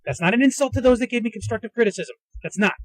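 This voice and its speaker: A man's voice: very high voice, very fast, dry recording, rough recording. A man hosting a podcast, delivering an agitated, profane solo rant while riding in a car. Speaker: podcast host. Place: inside a moving car. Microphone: handheld recorder in a car.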